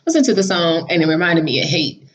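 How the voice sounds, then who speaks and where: A woman vlogging casually, telling a story in a chatty, animated way and laughing now and then. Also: lowish voice, fast, slight background noise. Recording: slightly dull lo-fi audio.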